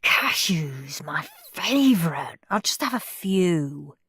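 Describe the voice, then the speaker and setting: A woman voicing a bratty, demanding young boy who whines and shouts in a storybook reading. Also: on the high side, big pitch swings, takes it slowly, dry recording, studio quality, pitched above the performer's own voice, exaggerated voice. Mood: sneaky.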